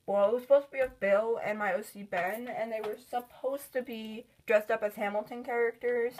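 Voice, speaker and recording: A woman's voice: fairly high pitch, steady tone, normal speed, a little mellow. A woman chatting casually in a vlog about her sketchbook, rambling and filling with "like". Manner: rambling, with many "like" fillers. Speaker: artist showing her sketchbook.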